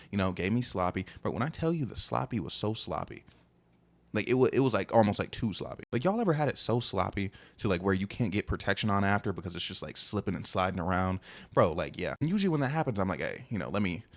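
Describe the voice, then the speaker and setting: Fast-talking young man telling a story. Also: on the low side. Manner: rambling and slangy, full of fillers. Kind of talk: casual storytelling.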